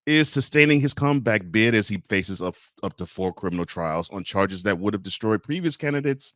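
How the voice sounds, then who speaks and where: A man co-hosting a casual podcast, reading headlines and tossing in sarcastic remarks. His fairly low voice swings up and down with lively, animated intonation. The sound is dry and close, with no room echo. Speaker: podcast co-host. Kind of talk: casual political chat, reading news.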